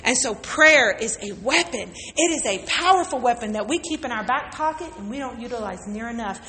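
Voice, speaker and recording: A woman's voice: on the high side, lively intonation, fairly quick, bright, forceful tone, big-room sound. A woman pastor preaching a sermon to a congregation, telling a personal story and leading call-and-response. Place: church sanctuary with congregation.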